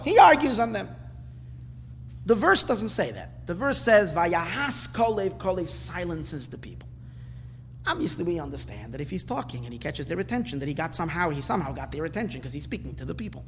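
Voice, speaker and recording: A man's voice: high-pitched, sing-song, moderate pace, slight background noise. A man teaching a Torah class, asking questions and rising into emphatic bursts. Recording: hall reverb with faint ambience.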